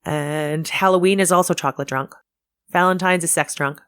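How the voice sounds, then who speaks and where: A woman's voice: low voice, steady tone, normal speed, fairly bright tone, smooth. A woman guesting on a podcast in casual chat, giggly and playful.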